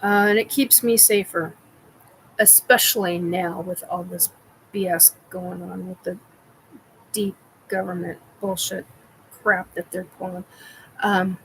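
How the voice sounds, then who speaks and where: Slow, rambling woman streamer. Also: lowish voice, fairly even intonation, a bit bright, slight background noise, poor audio. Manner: rambling, with many fillers and restarts. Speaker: host of a live evening chat stream. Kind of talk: casual live-stream chat reading comments.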